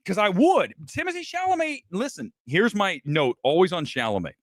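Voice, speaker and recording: Film show host, middle-aged man from ohio, lively swooping delivery, loud bursts and low asides. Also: fast, no echo, studio quality. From Ohio, USA. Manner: animated, swings between loud outbursts and low asides, profane. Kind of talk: casual commentary on a livestream. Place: home studio, speaking to a laptop.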